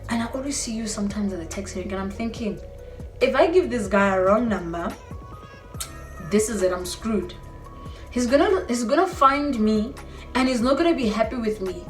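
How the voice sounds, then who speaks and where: A young South African woman telling a story on her vlog, animated and exclaiming, often laughing as she talks. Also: fairly high pitch. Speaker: vlogger. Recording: roomy echo, distant mic, faint music.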